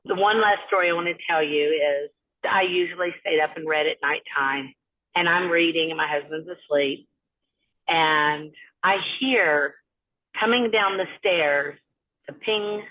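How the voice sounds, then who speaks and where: A woman's voice: deep voice, a little slow, muffled recording. Woman telling a ghost story by phone. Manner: storytelling, acts out quoted voices. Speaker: caller.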